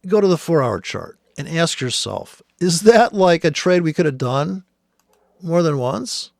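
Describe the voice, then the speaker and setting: A man's voice: fairly high pitch, animated, unhurried, vocal fry, darkish tone, no echo, clean studio sound. A man who trades, walking through charts on screen in blunt, profane, exasperated commentary.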